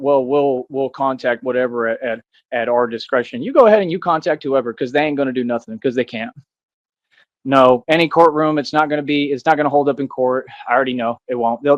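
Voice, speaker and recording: A man rants at the camera in a defiant, agitated monologue and keeps circling back to the same points. His voice sits somewhat high for a man, and the sound is close and dry with almost no room around it. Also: no room sound. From United States. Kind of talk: angry monologue ranting at the camera.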